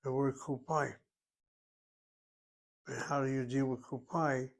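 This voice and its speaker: A man teaches a Hebrew class, working through grammar deliberately and step by step while occasionally thinking out loud. His medium-pitched voice is flat, with vocal fry.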